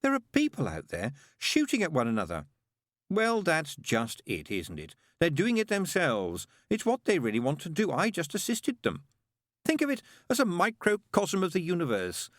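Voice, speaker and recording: A man voicing a sly, flippant male demon with a quick, mocking, petulant manner, raised well above his own voice. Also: fairly high pitch, wildly swooping pitch, a bit bright, no room sound, studio quality, voice pushed up.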